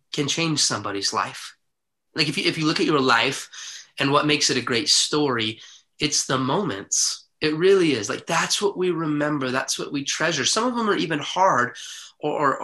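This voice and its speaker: Bright-voiced man telling his story. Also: mid-range voice. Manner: animated, vivid retelling with acted quotes. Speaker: podcast guest. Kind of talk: personal storytelling.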